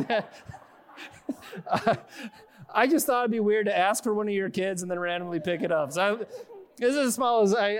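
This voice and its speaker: A man preaching a conversational sermon on a church stage, animated and casual, often repeating words as he restarts. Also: high voice. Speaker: pastor. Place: church stage before a congregation.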